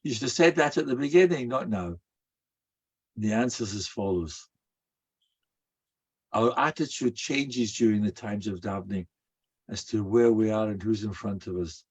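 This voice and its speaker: An older man, a rabbi giving a storytelling sermon in an animated way. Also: fairly low pitch, moderate pace, pauses often, slightly rough. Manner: animated, acts out quoted voices.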